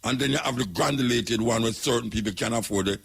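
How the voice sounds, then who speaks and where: A man's voice: mid-range voice, quick pace, creaky, fairly bright tone, breathy edge. A man with a Jamaican accent, talking as a radio host in an emphatic, preaching way, repeating his points. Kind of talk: talk radio commentary.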